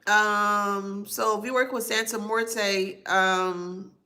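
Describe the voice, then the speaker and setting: In a slow, steady delivery with a sharp tone and medium pitch, a woman gives a psychic reading to the camera. She lists names and places she says she hears, spelling some out one letter at a time.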